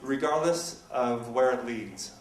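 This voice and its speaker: A man makes his debate case in a brisk, argumentative way. His voice sits in the middle range and sounds far from the mic, echoing in a roomy hall. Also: medium pitch. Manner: argumentative, brisk rhetorical back-and-forth. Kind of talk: public debate presentation. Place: university lecture room. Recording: echoey room recorded from afar.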